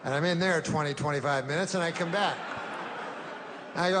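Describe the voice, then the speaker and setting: A man doing a stand-up comedy set, telling stories in a dry, deadpan way with halting pauses. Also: on the high side, big-room sound, noisy background. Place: comedy stage.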